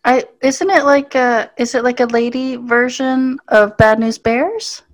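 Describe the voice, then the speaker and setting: Female podcast co-host, slightly high voice, dry sarcasm, giggly. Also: a little slow. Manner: teasing, deadpan sarcasm, giggly. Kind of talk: casual chat.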